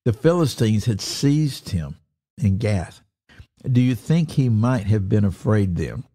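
A man giving devotional Bible teaching, earnest and repeating key phrases, reading verses slowly and deliberately. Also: lowish voice, lively intonation, dark tone. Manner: reads scripture slowly and deliberately.

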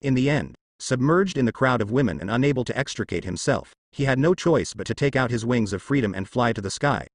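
A man narrating a translated fan-fiction story at a steady, even reading pace. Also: mid-range voice, a little fast, few pauses, no echo, clean studio sound.

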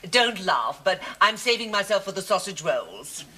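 An actress playing a fussy, prim and genteel hostess in a studio sitcom. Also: female voice, medium pitch, very animated, normal speed, pushed and bright, husky, full character voice. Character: prim, house-proud genteel hostess, middle-aged woman. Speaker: sitcom character. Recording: hissy TV tape with studio audience laughter.

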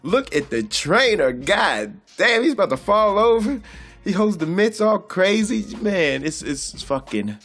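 A man doing loud, profane, comedic boxing commentary in a vlog, laughing often and calling out like a preacher. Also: high voice, sing-song, a little slow, soft background music. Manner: boisterous, profane, laughs a lot, preacher-style call-outs. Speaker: boxing vlogger.

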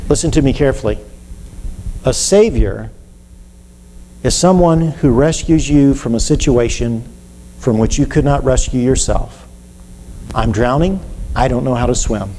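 A man preaching a sermon, telling a story with animated delivery and acting out cries for help. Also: mid-range voice, slight background noise. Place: church. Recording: reverberant church hall with faint ambience.

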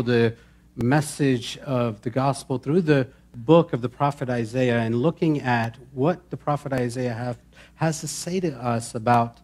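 A male pastor preaching a sermon, chatting with his congregation and building to emphatic calls. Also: mid-range voice. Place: church sanctuary.

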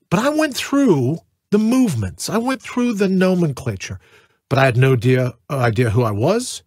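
Male podcast guest, emphatic and lively, husky voice, dry sound. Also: medium pitch, normal speed, no echo. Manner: emphatic, animated storytelling. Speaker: interview guest. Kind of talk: conversational interview.

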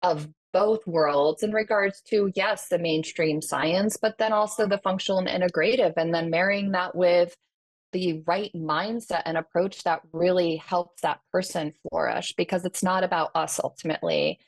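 A woman coach talking on a podcast in an earnest, effusive way, full of uplifting phrases. Her voice sits low for a woman. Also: normal speed. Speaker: podcast guest and wellness coach. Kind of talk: casual podcast chat.

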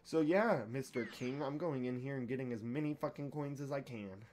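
A young man giving casual let's-play commentary, profane and excitable, trash-talking the boss and yelling when he wins or loses. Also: mid-range voice, normal speed, a little hiss or hum. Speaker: gaming YouTuber.

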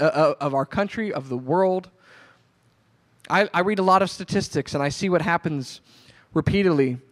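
A male pastor preaching a sermon, told in a relaxed, conversational storytelling way. His voice sits a little high for a man. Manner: conversational storytelling, animated retelling.

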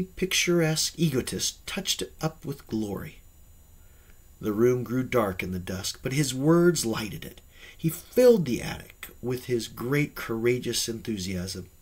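A man with a husky voice reading an audiobook in an expressive, varied storytelling manner. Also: medium pitch. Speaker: audiobook reader. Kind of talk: audiobook narration.

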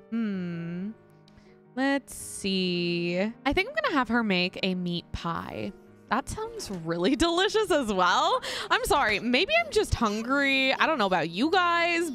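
A woman's voice: medium pitch, a bit bright. A young woman chatting casually to viewers while playing a life-sim game, giggly and talkative. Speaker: gaming YouTuber. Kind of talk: casual let's-play commentary.

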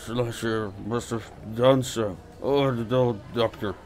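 A man voicing a wounded police inspector in an audiobook, hoarse and stammering as he gets his words out. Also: mid-range voice, steady tone, darkish tone, a little hiss or hum, close to an everyday voice. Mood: groping. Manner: halting, stammering speech. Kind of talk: audiobook character voice.

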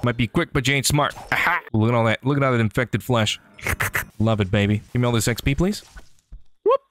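A man giving excitable, joking commentary over his gameplay, often talking back to enemies on screen. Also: mid-range voice, a little hiss or hum. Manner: excitable, jokey, talks to enemies. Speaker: gaming YouTuber. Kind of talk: game commentary.

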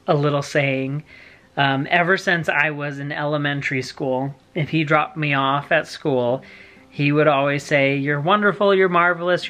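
A young man vlogging with his wife, telling a heartfelt family story in casual chat. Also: medium pitch. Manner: warm, emotional storytelling with laughs.

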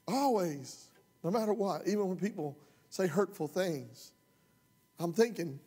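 A man's voice: sits high, animated, a little slow, warm tone, husky. A man preaching a sermon as pastor, folksy and impassioned, rising to heated outbursts. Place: church sanctuary. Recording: long hall reverb.

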